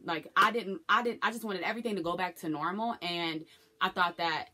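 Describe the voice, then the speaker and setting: Young woman vlogging her story, low voice, kinda bright, talks openly and emotionally. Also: brisk. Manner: candid, emotional retelling with acted quotes. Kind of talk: personal storytelling to camera.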